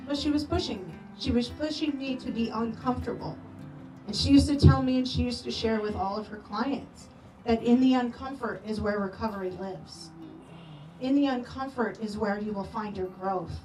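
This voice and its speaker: A woman's voice: a little high, normal speed. Woman telling stories at a memorial. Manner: animated storytelling with playful quoted voices. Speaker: memorial speaker. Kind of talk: eulogy storytelling. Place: memorial gathering hall. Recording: roomy echo, distant from mic, soft music.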